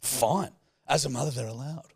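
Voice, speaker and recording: A man's voice: medium pitch, normal speed, gravelly, background noise. An Australian man co-hosting a podcast, chatting casually, blunt and jokey, swearing freely. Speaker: podcast co-host. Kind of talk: casual chat.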